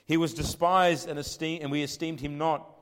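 Impassioned preacher in a reverberant hall. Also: male voice, fairly high pitch, fairly even intonation, moderate pace. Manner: impassioned, swinging from loud declaiming to hushed pleading; reads scripture in old-fashioned wording. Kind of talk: sermon.

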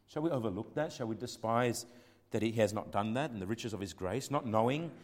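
A man preaching a sermon with passion, rising to loud declaiming and dropping to hushed pleading, and reading scripture in old-fashioned wording. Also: lowish voice, expressive, fairly quick. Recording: long hall reverb.

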